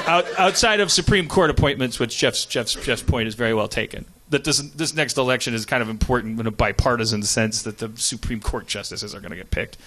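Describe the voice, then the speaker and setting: A man's voice: medium pitch, a bit bright. A middle-aged man hosting a live comedy podcast, rambling in casual chat with many stammered restarts and chuckling asides. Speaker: podcast host. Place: live stage show.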